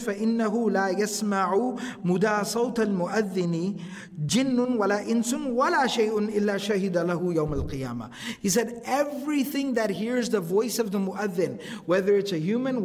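Guy preaching quick and chatty, high voice, long echo of a big hall. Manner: lively, conversational preaching, quoting Arabic. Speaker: imam. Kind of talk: sermon.

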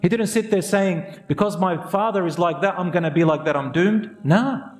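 A man preaches an earnest radio sermon in a somewhat high voice, urging his listeners on and weaving Arabic phrases into his English. The room sounds echoey, with soft music underneath. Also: normal speed. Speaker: imam giving a talk.

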